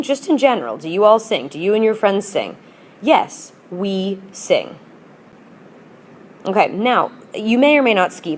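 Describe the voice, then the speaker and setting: A woman with a mid-range voice teaches a language class over slight background noise. She drills with patient repetition and alternates between English and Spanish.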